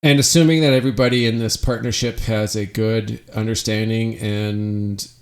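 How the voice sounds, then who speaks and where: A man's voice: lowish voice, fairly even intonation, moderate pace. A middle-aged man hosting a solo podcast, talking in an earnest, reflective way and often restarting his phrases. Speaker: podcast host.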